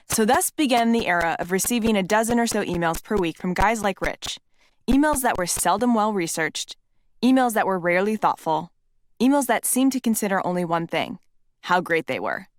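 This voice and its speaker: A woman's voice: mid-range voice, no room sound. Candid woman narrating her own memoir. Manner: candid and conversational, with blunt swearing. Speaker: author reading her own book.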